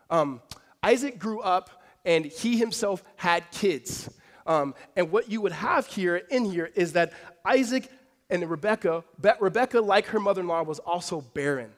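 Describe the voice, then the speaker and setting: A male pastor preaching through a scripture passage, telling the story in a lively, conversational way with casual fillers. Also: high-pitched. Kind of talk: expository sermon.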